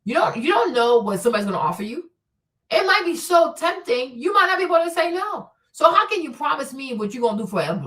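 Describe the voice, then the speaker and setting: A woman's voice: high-pitched, sing-song, fast talker, fairly bright tone, far from the mic. A woman hosting a casual vlog, giving blunt opinions emphatically and with lots of swearing. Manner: emphatic and profane, repeats "okay?" and "right?". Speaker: vlog host.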